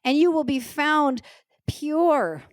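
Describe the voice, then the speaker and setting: Middle-aged lady pastor preaching, kinda high voice, earnest and emotional, dry close sound. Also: expressive, no echo. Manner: earnest, emotional, slows down for emphasis. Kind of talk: sermon. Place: church stage.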